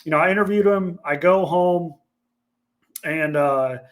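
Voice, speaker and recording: A man's voice: fairly high pitch, unhurried. A man with a slightly raised voice speaks candidly about his past, earnest and unguarded. He talks like a podcast guest sharing something personal, with the odd curse word thrown in. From Ohio, USA. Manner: earnest, candid, swears casually. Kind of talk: emotional personal storytelling.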